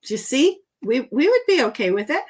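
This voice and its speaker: A woman's voice: sits high, sing-song, fairly quick. A woman hosting a casual livestream, chatting and reading viewer comments aloud while playing a board game. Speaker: livestream host.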